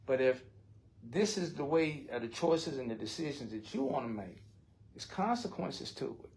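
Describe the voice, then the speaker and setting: A man's voice: medium pitch, lively intonation, moderate pace, a little mellow, a little hiss or hum. An older man, speaking bluntly and with heart in a recovery support circle, often swearing. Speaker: recovery group member.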